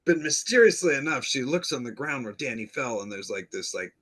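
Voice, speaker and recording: A man's voice: mid-range voice, animated, brisk, a bit bright. A male podcast host chattily recapping an episode, laughing often and acting out the characters' lines.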